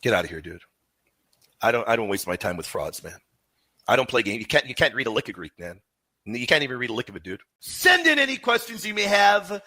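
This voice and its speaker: A man's voice: mid-range voice, sing-song, a little fast, pushed and bright. A man in a played clip, scoffing and incredulous, repeating his challenges in a heated debate. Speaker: show host in a played clip.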